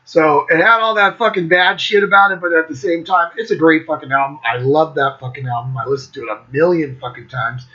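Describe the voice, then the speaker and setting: A man in his fifties hosting a casual monologue, swearing constantly, excitable and breaking into bits of song. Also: a little high, fairly quick, few pauses, muffled recording. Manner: profane, excitable, breaks into singing. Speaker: host. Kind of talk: casual monologue ranking albums.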